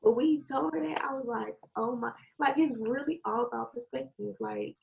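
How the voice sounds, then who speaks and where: Woman w a creaky higher voice, chatty, acts out quotes, laughs a lot. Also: normal speed, highs cut off, a little hiss or hum. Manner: animated storytelling, acts out quotes; swears casually, laughs often. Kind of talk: casual chat.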